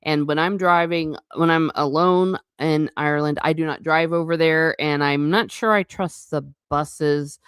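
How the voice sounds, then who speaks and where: A woman who used to teach runs a loose, chatty livestream, rambling, laughing often, fixing her own slips and reading viewer comments. Her low-pitched voice is steady and smooth, a little slow with few pauses, captured dry at studio quality.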